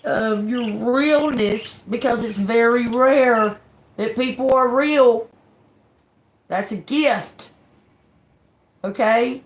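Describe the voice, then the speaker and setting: A woman gives a relaxed tarot reading on a live stream, encouraging her audience, often closing lines with "okay?", repeating and restarting words, and tossing in sarcastic jokes. Her voice is on the high side, with drawn-out words and long pauses.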